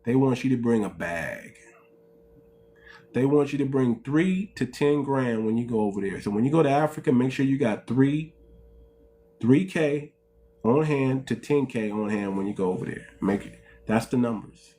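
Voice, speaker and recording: A man's voice: medium pitch, animated, normal speed, warm tone, slight background noise. A man hosting a casual livestream, preaching to viewers, calling them "family" and asking rhetorical questions. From United States. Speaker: livestream host.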